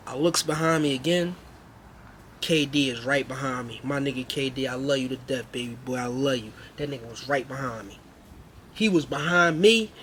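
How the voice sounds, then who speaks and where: A young man telling a casual storytime vlog, slangy and animated, acting out what people said with raised voices. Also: fairly high pitch, slight background noise. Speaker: storyteller host.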